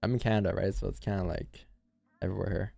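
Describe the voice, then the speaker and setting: A man's voice: deep voice, steady tone, fast talker, creaky, dark tone, no echo, studio quality, soft background music. A man hosting a live trading stream, chatting casually with viewers and answering chat in loose, slangy talk. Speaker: forex day-trading streamer.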